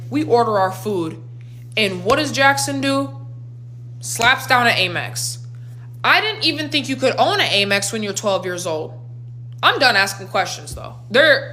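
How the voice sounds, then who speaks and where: A woman in her twenties telling a storytime in a slangy, animated way with big reactions. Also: on the high side, slight background noise. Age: 20s. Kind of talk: storytime vlog.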